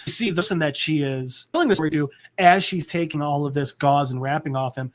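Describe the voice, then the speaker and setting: His voice a bit high and bright for a man, a podcast host walks a listener through a comic book scene at a moderate pace. He rambles, stumbles, restarts, and fills his speech with "like" in this casual comic book recap.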